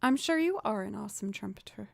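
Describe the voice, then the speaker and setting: A woman's voice: mid-range voice, lively intonation, fast, gravelly, darkish tone, dry recording. A young woman chatting casually with her live-stream audience, rambling with fillers and restarts. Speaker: streamer and musician.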